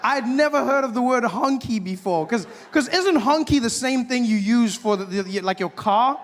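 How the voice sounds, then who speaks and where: A man performing a stand-up comedy set in a live venue, playful and acting out characters with sudden shouted outbursts. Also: extremely high pitch, expressive, normal speed. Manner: playful, acts out characters with loud shouted bits.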